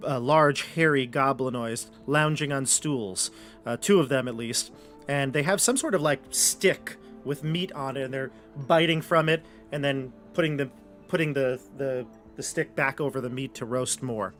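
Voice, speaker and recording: A man's voice: medium pitch, normal speed, fairly bright tone, faint music behind. Chatty man running a tabletop game. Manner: chatty, rambling descriptions with many fillers. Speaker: game master.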